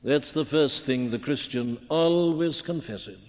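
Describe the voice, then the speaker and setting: An older male preacher delivers a sermon, pressing his listeners with rhetorical questions and rising to fervent emphasis. His voice sits slightly high for a man. The old archival tape sounds thin and phone-like, and a long reverb trails each phrase through a large hall. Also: a little slow. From Wales.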